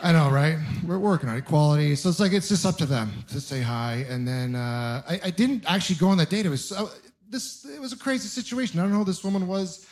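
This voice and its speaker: Guy doing stand-up, thirties, slightly high voice, roasting himself and chatting with the crowd. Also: fast. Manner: self-deprecating storytelling, animated asides to the audience. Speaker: stand-up comedian. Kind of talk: stand-up comedy set. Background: audience laughter.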